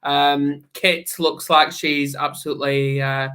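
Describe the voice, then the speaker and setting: A male host talks slowly in a bright, forceful voice. He rambles good-naturedly and corrects himself as he goes. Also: a little high, level tone. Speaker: podcast host. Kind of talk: casual show intro and chat.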